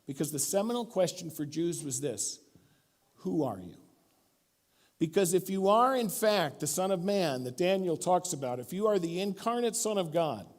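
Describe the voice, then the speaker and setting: A middle-aged male pastor preaching a sermon, telling stories and acting out the quotes in them. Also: sits high. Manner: storytelling, animated, acts out quotes. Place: church.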